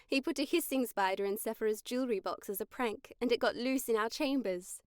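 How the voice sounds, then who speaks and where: A woman's voice: a little high, a little fast, smooth, dry recording, studio quality, close to an everyday voice. Woman reading a wry mage. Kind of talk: audiobook dialogue reading.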